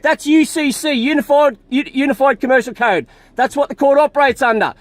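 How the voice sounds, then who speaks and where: A man's voice: extremely high pitch, brisk, no room sound. An irate man with an Australian accent, arguing with police at the roadside and swearing heavily. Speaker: motorist stopped by police. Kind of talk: heated roadside argument. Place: outdoors by a road.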